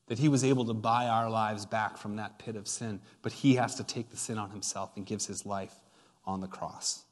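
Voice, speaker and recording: A man's voice: fairly low pitch, fairly even intonation, normal speed. A man preaching a sermon as pastor, retelling a story with playful asides and emphatic build-ups. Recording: long hall reverb.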